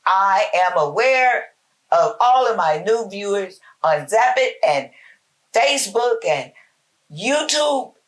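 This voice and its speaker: A woman hosting a short Bible talk, preaching in a slow, emphatic, folksy way with lots of repetition. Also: medium pitch, lively intonation. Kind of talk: informal spoken devotional.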